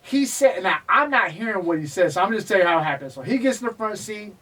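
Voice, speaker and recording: Guy telling wild stories in an interview, kinda higher voice, mic a bit far off. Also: fast. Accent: Texan. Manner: animated, profane, acts out quoted people. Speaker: guest, MMA historian. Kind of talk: casual storytelling interview.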